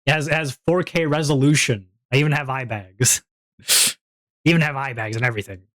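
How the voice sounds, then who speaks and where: A man's voice: a little fast, a bit bright, no echo, clean studio sound. Giggly rambling male streamer. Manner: giggly, rambling, breaks into high-pitched tittering. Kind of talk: casual chat.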